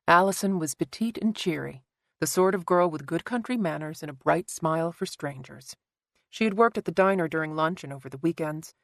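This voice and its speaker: Low-voiced woman audiobook narrator. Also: no echo. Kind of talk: scripted narration.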